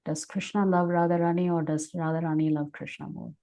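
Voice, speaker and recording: A woman speaker giving a devotional class on a video call, telling a sacred story in an animated way, then teaching reflectively. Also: on the low side, a little fast. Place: online class session.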